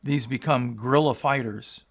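A man's voice: mid-range voice, normal speed. A male pastor reading scripture aloud and explaining it, in an earnest teaching tone that rises for emphasis. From United States.

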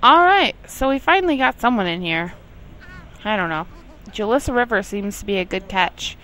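A young woman plays a life-sim game and casually commentates, chatting to herself and scolding her characters in exasperated asides. Her medium-pitched voice is fairly bright, with lively intonation and a normal pace. The audio quality is poor.

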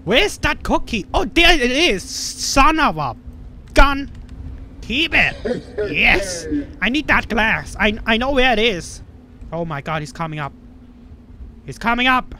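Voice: mid-range voice, big pitch swings, slow pace, pushed and bright, slight background noise. A gamer giving frantic, panicky commentary on a horror game, swearing constantly. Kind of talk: let's play commentary.

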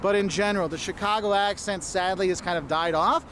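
Man, travel video presenter, high voice, chatty, explanatory, faint background noise. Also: steady tone, brisk, a bit bright. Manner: chatty, explains with "okay?" and "look". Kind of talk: scripted travel guide talk.

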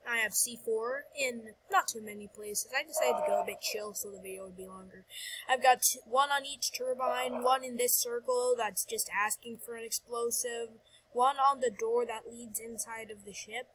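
A woman's voice: on the high side, fairly even intonation, moderate pace, a bit bright, a little hiss or hum, poor audio. A woman giving casual, playful commentary over her gameplay, talking to herself and dropping whispered asides.

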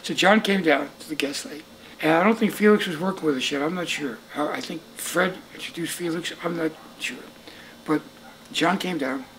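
An older man, a musician telling lively anecdotes in an interview and acting out the dialogue. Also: on the high side, slight background noise, rough recording. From Brooklyn, New York. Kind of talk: storytelling interview. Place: indoors in Brooklyn.

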